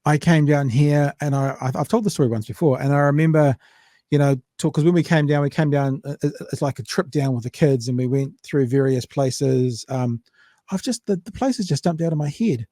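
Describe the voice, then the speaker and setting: A man's voice: on the high side, fairly quick, warm tone, no room sound, clean studio sound. A man with a New Zealand accent, co-hosting a podcast and telling rambling, anecdotal stories, sometimes with swearing. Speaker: podcast co-host. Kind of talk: casual chat.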